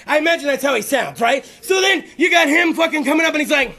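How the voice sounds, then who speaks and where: Podcast host, male, very high, bright voice, profane rambling comic rant. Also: lively intonation, fast talker, few pauses. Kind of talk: comedic rant.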